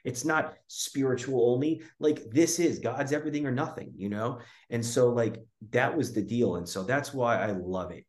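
A man's voice: medium pitch, moderate pace, few pauses. A man talking as a spiritual guest in casual conversation, rambling with frequent restarts and fillers. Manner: rambling, with many restarts and "you know" fillers. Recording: roomy echo.

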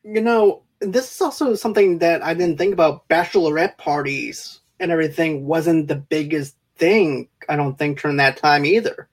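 A woman's voice: sits low, moderate pace, few pauses. Conversational woman recapping movie scenes. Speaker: podcast co-host. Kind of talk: casual chat about a movie.

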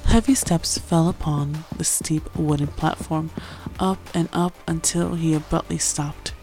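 A woman's voice: low voice, measured pace, soft background music. A woman chatting casually with fillers, then reading a romance story aloud. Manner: chatty, filler-heavy intro then steady narration. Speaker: fan fiction reader.

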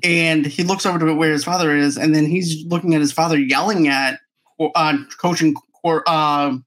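Brief: male podcast guest, fairly high voice, chatty scene recaps. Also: fairly even intonation, a bit bright. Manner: chatty, quick recollections of scenes. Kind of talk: casual movie review chat.

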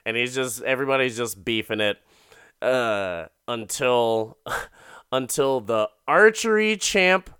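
Young man, casual profane recap, rambling, bright forceful tone, dry close sound. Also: mid-range voice, animated, takes it slowly, smooth, no echo. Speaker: recapping a TV episode.

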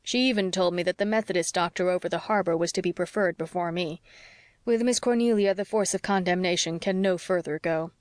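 A woman reading the part of a patient young male doctor, calm, measured and wry. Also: fairly low pitch, no room sound, studio quality, lightly acted.

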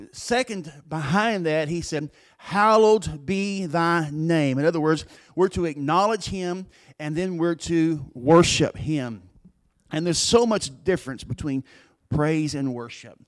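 A man preaching a sermon as pastor, earnest and plain-spoken, telling a story with pauses and restarts. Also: on the high side.

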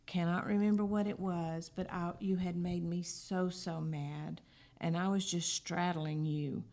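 A woman's voice: on the low side, fairly even intonation, a little slow, mellow. An older woman, the host's mother, chatting casually and laughing about raising her son. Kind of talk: casual family conversation.

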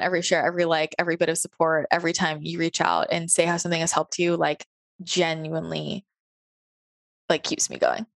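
A woman's voice: on the low side, fairly bright tone, no room sound. A woman hosting a podcast from home, talking earnestly and casually with lots of "like" and "right?". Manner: earnest, chatty, many fillers like "like" and "right?". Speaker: podcast host. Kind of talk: casual spiritual podcast monologue. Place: home office. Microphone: home recording on a computer.

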